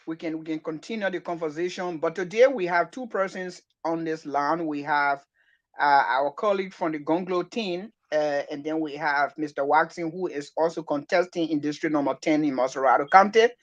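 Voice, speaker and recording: A man's voice: on the high side, moderate pace, muffled recording. A man hosting an online talk show, calling out to his guests and often repeating words as he goes.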